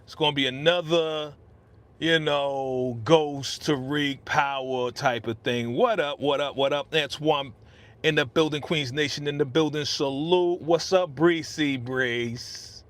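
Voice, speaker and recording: A man with a fairly high, fairly bright voice hosts a casual live stream at an unhurried pace and steady tone. He reads viewer comments aloud and chats in slang into a podcast studio microphone.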